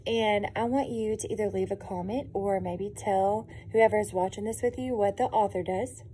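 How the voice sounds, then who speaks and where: A woman, a preschool teacher, reading a picture book aloud to young children in a gentle, encouraging, expressive way. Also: mid-range voice, moderate pace, few pauses, slight background noise.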